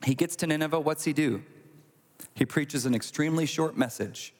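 A man preaching a sermon, retelling a scripture story in a conversational, animated way with acted asides. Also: a little high, normal speed. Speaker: pastor. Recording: long hall reverb.

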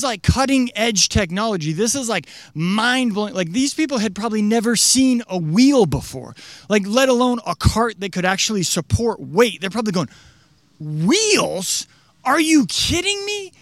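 A man's voice: high voice, animated, moderate pace, no room sound. A young man preaching a casual, conversational sermon as a pastor, full of fillers and acted-out quotes. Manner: chatty, uses many fillers, acts out quotes in character voices.

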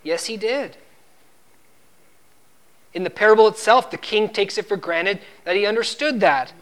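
A man's voice: normal speed, a bit bright. A man preaching a sermon, quoting scripture and pressing his points with emphasis. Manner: emphatic, rises in pitch and volume when driving a point; quotes scripture and acts out the servant's lines.

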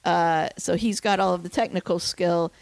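A woman hosting a casual film discussion, telling stories in an excited, rambling way with many restarts. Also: fairly low pitch, moderate pace, no room sound. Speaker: podcast host.

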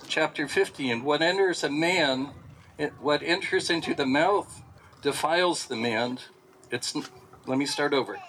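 Man, Bible teacher, slightly high voice, reads scripture and explains, rhetorical questions, faint background hiss. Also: a bit bright, low-quality recording.

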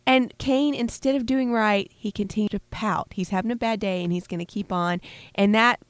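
A woman co-hosting a casual Bible discussion podcast, talking in an animated, emphatic way and teasing her co-hosts. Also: mid-range voice, normal speed, dry recording. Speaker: podcast co-host.

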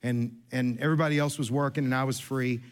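A man's voice: mid-range voice, fairly even intonation, fast, clear, resonant tone. A man preaching a sermon as pastor, telling a story in a chatty, self-deprecating way with many restarts. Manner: chatty, self-deprecating, restarts often, acts out quoted people. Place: church sanctuary.

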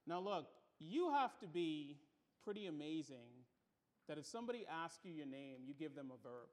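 A man's voice: a little high, very animated, moderate pace. A male pastor preaching a sermon to a congregation, emphatic, building his points through repeated phrases. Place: church room with congregation.

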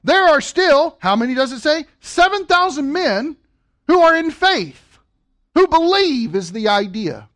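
A man with a high voice preaches to his congregation with animated energy. He fires off rhetorical questions and slips in joking asides as he works through the scripture. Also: measured pace. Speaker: pastor. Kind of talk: sermon.

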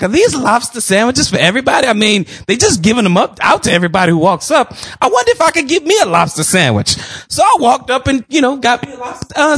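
A man on a podcast telling a funny story in casual chat, animated and profane, acting out quotes and laughing often. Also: high-pitched, breathy edge, no room sound, clean studio sound. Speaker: podcast co-host.

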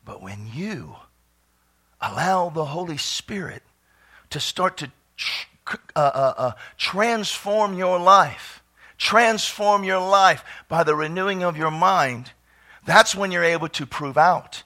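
A man preaching a fervent sermon who breaks into shouted exclamations of praise. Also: high-pitched, takes it slowly.

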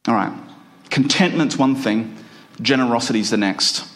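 A man preaching a sermon in a church, emphatic and stretching out his phrases slowly. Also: mid-range voice, a bit bright. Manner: emphatic, with slow drawn-out phrases.

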